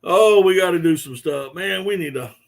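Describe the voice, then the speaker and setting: Chuckling man with a higher voice. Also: moderate pace, vocal fry. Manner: rambling storyteller, chuckling often. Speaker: live-stream host. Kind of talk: casual chat with viewers.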